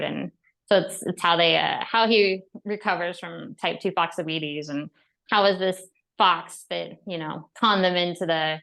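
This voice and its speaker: A woman with a lowish voice and a gravelly edge chats casually as a podcast guest. She is a dietitian and author who tells her stories with animated energy, laughing often and filling her talk with fillers. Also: moderate pace. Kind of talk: casual interview chat.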